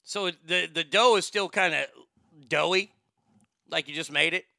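A Texan man ranting casually about fast food, swearing a lot and stumbling over restarts. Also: fairly high pitch, vocal fry, sharp tone, dry recording, clean studio sound. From Texas. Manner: profane, rambling, stammering restarts. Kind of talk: casual rant.

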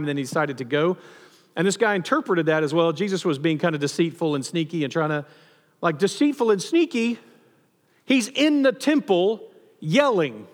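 A middle-aged man preaching a conversational sermon as pastor, animated, voicing quotes and restarting lines. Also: high voice, long reverb tail.

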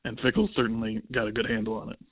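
A man's voice: lowish voice, level tone, rapid-fire, breathy edge, no room sound. A man, a guest on a podcast, giving easygoing, conversational sports analysis. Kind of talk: casual sports chat. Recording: tinny phone line, dry.

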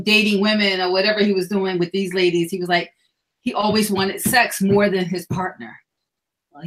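A woman's voice: lowish voice, fairly bright tone, rough recording. A middle-aged woman speaking frankly and earnestly as a guest on a candid panel discussion. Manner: frank, sexually explicit, earnest.

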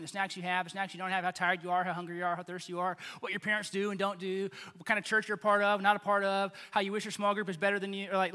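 A male pastor preaching a sermon in a conversational, animated way. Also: sits high. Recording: long reverb of a large hall.

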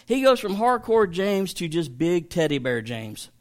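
A man's voice: high-pitched, big pitch swings, a little slow. A man, a pastor teaching an evening Bible study in a chatty, emphatic way that jokes with listeners.

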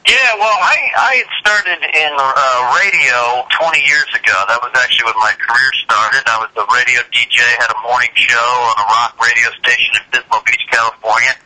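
A man's voice: mid-range voice, normal speed, few pauses, sharp tone, rough recording. A man speaking as a podcast guest, upbeat, with a radio announcer's delivery. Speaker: podcast guest, digital broadcaster. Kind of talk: casual interview. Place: Los Angeles.

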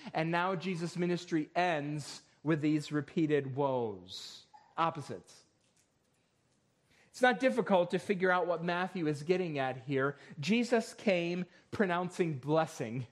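A pastor with a fairly high voice delivers a sermon in a church. He reads scripture with building force, then drops into a calmer, explaining tone. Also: measured pace. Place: church sanctuary.

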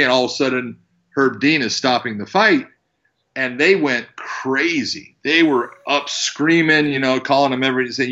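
Bright-voiced referee telling stories. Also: male voice, medium pitch, moderate pace, lo-fi sound. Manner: animated storyteller, acts out quotes. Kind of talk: casual storytelling.

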